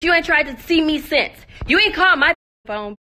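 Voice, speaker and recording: Woman, high and bright, confrontational live-stream rant, profane and mocking, voice wearing thin. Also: expressive, a little fast. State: losing her voice.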